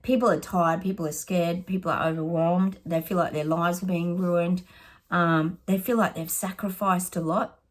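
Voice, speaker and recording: A woman's voice: lowish voice, steady tone, moderate pace. A middle-aged Australian woman, a psychic giving casual predictions, chatty and sarcastic, often laughing.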